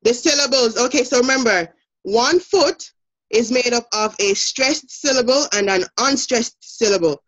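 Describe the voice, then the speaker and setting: A woman teacher with a Jamaican accent giving an online lesson, brisk and encouraging, laughing often. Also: a little high, a bit bright, rough recording.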